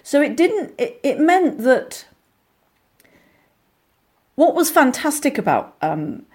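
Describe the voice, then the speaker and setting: An actress telling lively anecdotes in a casual interview, with frequent restarts and asides. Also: female voice, high voice, slow. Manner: animated storyteller, many restarts, acts out voices. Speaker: actress guest.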